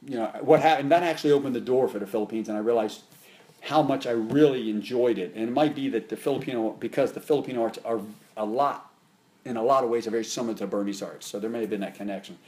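A middle-aged man with an everyday mid-range voice tells long stories in a relaxed interview. He rambles and restarts often, and his pitch and volume climb when something excites him. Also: fast. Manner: rambling, with frequent restarts and fillers; voice jumps up in pitch and volume when he gets animated. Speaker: martial arts instructor and interview guest. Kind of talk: casual storytelling in an interview.

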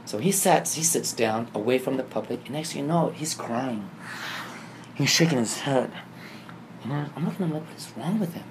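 Gravelly man telling a lively story. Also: mid-range voice, normal speed, noisy background. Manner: animated, acts out quoted dialogue. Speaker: guest telling his story. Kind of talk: casual storytelling.

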